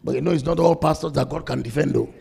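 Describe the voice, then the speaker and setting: Brief: emphatic pastor preaching, high voice with a husky rasp. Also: male voice, fast talker, a little mellow. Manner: emphatic preaching, quoting scripture. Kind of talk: sermon with testimony.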